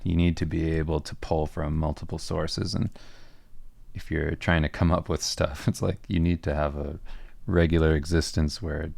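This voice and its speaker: At normal speed and with no echo, the comic artist who co-hosts a podcast chats casually on his livestream about his art in response to viewer questions. His very low, gravelly voice stays nearly flat in pitch, sounds close and dry, and wanders through fillers and restarts.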